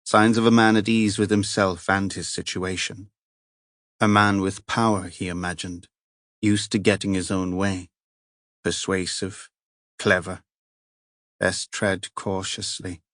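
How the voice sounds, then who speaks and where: A man reads a crime novel aloud in a steady, measured way. His voice is on the low side and sounds dry and close to the mic, with no room around it. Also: no echo. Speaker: audiobook narrator. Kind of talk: scripted narration.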